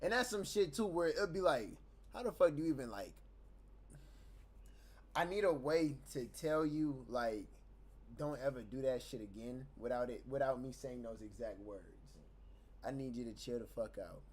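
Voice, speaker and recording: A man's voice: mid-range voice, normal speed, darkish tone. A man in casual chat, reacting with profane slang and giving his own take.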